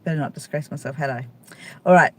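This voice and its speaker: A woman's voice: low voice, fast. A middle-aged woman, a stand-up comedian, chatting casually and playfully to viewers on a live stream from a city street, talking into a phone held at arm's length. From Australia.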